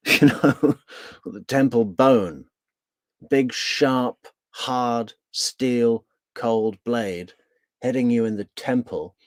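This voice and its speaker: A man's voice: on the low side, dry recording. A man giving sarcastic commentary over trial footage, mocking and dry. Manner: mocking, sardonic, mimics in sudden outbursts. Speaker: true crime commentator.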